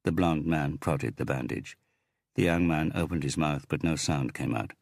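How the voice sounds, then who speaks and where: Audiobook narrator, man: very deep, gravelly, husky, dry close read. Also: normal speed, a little mellow, dry recording.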